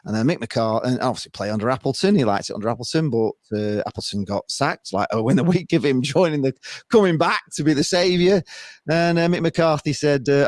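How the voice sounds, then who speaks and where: A man appearing as a podcast guest, talking football in a rambling, animated way and laughing often. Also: medium pitch, fairly quick, dry recording, studio quality. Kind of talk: casual football chat.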